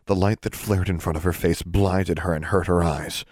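A man narrating a story in a steady, even reading voice. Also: low-pitched, normal speed, dry recording. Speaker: audiobook narrator. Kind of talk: scripted narration.

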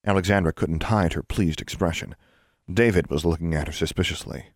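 A man reading a children's fantasy audiobook in steady, measured narration. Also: low voice, no echo, clean studio sound. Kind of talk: scripted narration.

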